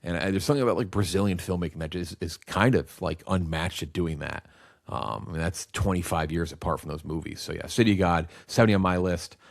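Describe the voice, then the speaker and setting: A man's voice: sits low, fast, gravelly, dry recording, clean studio sound. A man hosting a casual movie podcast, leading the ranking rundown and quizzing his co-hosts. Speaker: podcast host.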